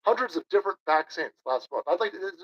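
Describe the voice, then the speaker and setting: Man, ranting streamer, profane and mocking, swinging pitch, muffled lo-fi sound. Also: lively intonation, fast, fairly bright tone. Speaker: streamer commenting on a video clip. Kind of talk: ranting reaction commentary.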